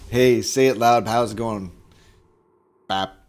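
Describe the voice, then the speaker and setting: A man's voice: lowish voice, steady tone, takes it slowly, a little mellow. A man streaming a video game, chatting casually with viewers in a rambling, jokey way and chuckling at his own jokes into a desk microphone. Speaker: gaming streamer.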